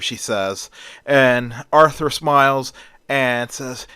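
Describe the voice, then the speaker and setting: Smooth-voiced man retelling a story. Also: mid-range voice, fairly even intonation, slow, sharp tone, no echo, studio quality. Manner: strings events with "and then".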